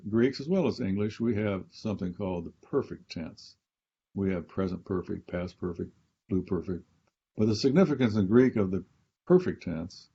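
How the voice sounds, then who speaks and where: A man's voice: on the low side, dark tone, breathy edge, highs cut off. A man, a Bible scholar and professor, explaining grammar step by step in a teaching conversation and repeating key phrases.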